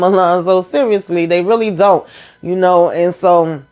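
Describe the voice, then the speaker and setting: A woman's voice: fairly low pitch, fairly even intonation, normal speed, dull audio. A woman casually recapping a TV episode, chatty and blunt with laughing asides. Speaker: TV recap vlogger.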